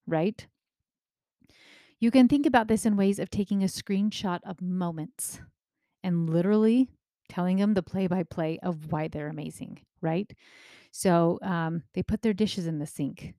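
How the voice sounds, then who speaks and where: A woman in her thirties talks through parenting advice in a casual, animated way. She slips into the voices of the people she quotes and keeps checking in with her listener. Her voice is mid-pitched and recorded close and dry. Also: normal speed, dry recording. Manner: animated, acts out quoted remarks, often asks "right?".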